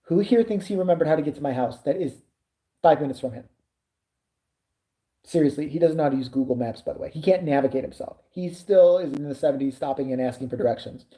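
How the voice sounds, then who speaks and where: A woman with a low, very dark and mellow voice rants through a casual story. She swears freely and sounds thoroughly fed up. She slips in the lines of the people in her story as she goes. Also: quick pace. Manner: profane, exasperated, acts out quoted dialogue. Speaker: vlogger.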